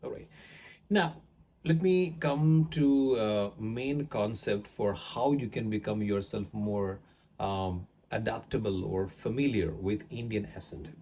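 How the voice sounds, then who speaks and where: A man teaching accents to camera, explaining in a rambling way with frequent pauses. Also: fairly low pitch, mellow, husky.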